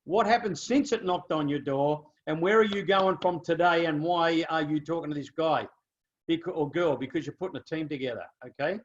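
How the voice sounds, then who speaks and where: An Australian man coaching a team in an animated, storytelling way. He keeps asking his listeners "okay?" and "right?", and his voice sits high and moves a lot. The recording sounds dull and muffled. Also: fairly quick. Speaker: business trainer. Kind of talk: motivational training talk.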